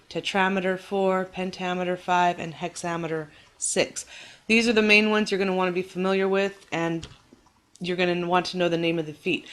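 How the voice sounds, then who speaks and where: Patient, clear, and reassuring toward her students, a woman teacher delivers a recorded lecture, exaggerating stressed syllables as she demonstrates rhythm. She has a lowish, somewhat bright voice.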